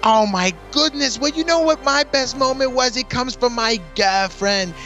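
A man's voice: very high-pitched, normal speed, bright, forceful tone. A man co-hosting a casual show, enthusiastic and playful, with faint music behind. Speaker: co-host of a wrestling show. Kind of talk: casual chat.

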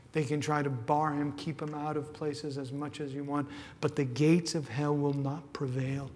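Impassioned male preacher, slightly high voice, big church reverb. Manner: impassioned, swings from shouting to hushed. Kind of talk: sermon. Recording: long hall reverb.

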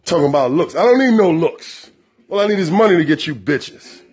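Husky high-voiced man ranting crudely. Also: animated, a little fast, a little mellow. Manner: aggressive, crude, confrontational. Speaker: show host. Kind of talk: profane monologue rant.

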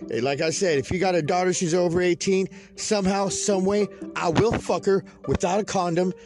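High-pitched guy from the central valley, cussing nonstop, rambling story, keeps cracking himself up, faint music behind. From California Central Valley. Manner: rambling, heavy swearing, laughs through his story. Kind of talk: casual profane storytelling monologue.

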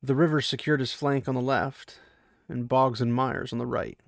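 A man with a mid-range voice and vocal fry reads from a fantasy novel, building intensity through the battle lines, then chats excitedly and casually with fans about the chapter. He talks at a normal speed, and the recording is dry and studio quality.

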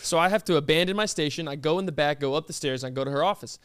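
A young man telling a story in casual chat, animated and incredulous, dropping into a low flat tone when he quotes someone. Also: very fast, clear, resonant tone, no room sound, studio quality.

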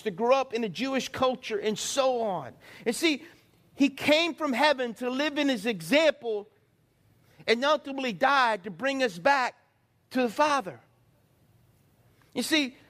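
A man preaching a sermon, animated, acting out voices and calling for responses from the congregation. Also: extremely high pitch. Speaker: pastor.

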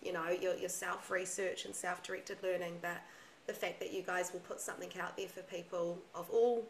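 A young woman with a lowish voice talks frankly and emphatically, dropping swear words without a second thought. She chats casually on a podcast, with a faint hum of room ambience behind her. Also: little pitch movement, normal speed, low-quality recording. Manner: candid, swears freely, emphatic. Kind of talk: casual chat.

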